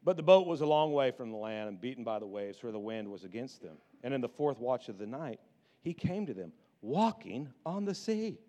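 A man preaching a sermon as pastor, animated and jokey, swinging from hushed asides to excited shouts. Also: medium pitch, a little fast.

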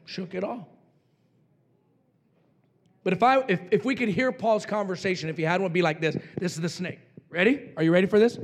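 An older pastor from New Mexico preaches a revival sermon with a very high, gravelly voice. He drives home his points with repeated declarations that often break into shouts. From New Mexico, USA.

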